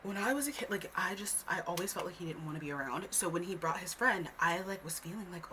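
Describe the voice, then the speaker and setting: A woman telling a childhood story to camera in a casual vlog, animated and swearing freely, sometimes dropping to a whisper. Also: lowish voice, quick pace, few pauses, a little hiss or hum.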